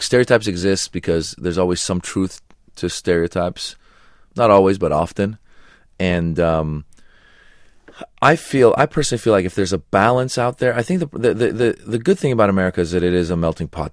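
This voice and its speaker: A middle-aged man with a low, deep voice tells stories in a casual interview, animated and quick to imitate others. The sound is dry and close, with no room around it. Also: no echo. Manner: animated storyteller slipping into mimicked voices. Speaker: comedian guest.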